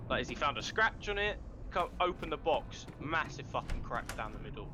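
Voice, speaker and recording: Very animated, with a slightly high voice at a moderate pace, this young fellow player talks casually during an online game. He rambles through stories loosely, swearing a lot, with background noise audible.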